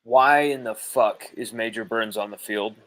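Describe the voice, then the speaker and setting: A man's voice: fairly low pitch, moderate pace, a bit bright, low-quality recording. A man hosting a live postgame show, ranting hotly with swearing and repeating his points for emphasis, speaking from home. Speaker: sports podcast host.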